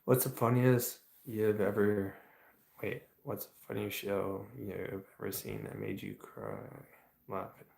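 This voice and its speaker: Slow, low-voiced man chatting on a livestream. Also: lively intonation, vocal fry, reverberant. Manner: rambling, trailing off, soft-spoken. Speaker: livestream host. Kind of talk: casual live-stream chat, reading chat questions.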